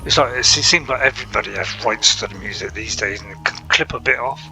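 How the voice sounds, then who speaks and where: Bright-voiced man chatting over a game. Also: mid-range voice, fast, vocal fry, soft background music, poor audio. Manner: chatty, joking asides. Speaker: gaming channel host. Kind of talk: casual game commentary. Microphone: console app chat mic.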